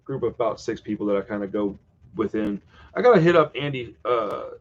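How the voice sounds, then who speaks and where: A man's voice: medium pitch, muffled recording. A man hosting a horror live stream, chatting casually and wandering off topic from home. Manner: rambling, easily sidetracked, chatty.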